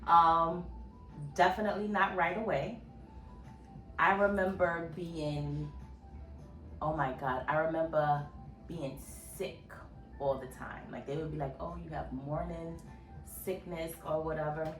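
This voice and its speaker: A woman's voice: low-pitched, measured pace, long pauses, faint music behind. A middle-aged woman, a podcast co-host, casually telling a personal story and acting out what others said. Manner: storytelling, animated quoting of others. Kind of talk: casual chat. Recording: roomy, distant mic.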